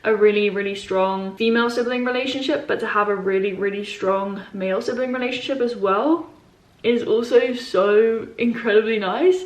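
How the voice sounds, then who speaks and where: A woman's voice: on the high side, echoey room. A young woman in her twenties chatting casually to camera as a vlogger, rambling with many fillers. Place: indoors at home.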